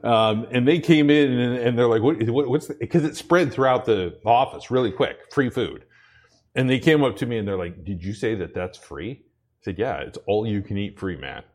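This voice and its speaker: A man delivering a sermon at a middle pitch, drifting into a long, rambling anecdote full of restarts. As he returns to scripture his voice climbs and he presses his points with growing emphasis. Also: normal speed. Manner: rambling storyteller, many restarts, rises in pitch when preaching. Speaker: preacher.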